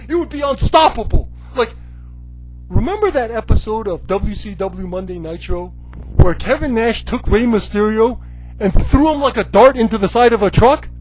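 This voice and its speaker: Sarcastic man ranting with lively pitch. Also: rough recording. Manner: animated, sarcastic, full of "you know, like". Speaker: wrestling commentary video host. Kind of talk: comedic rant.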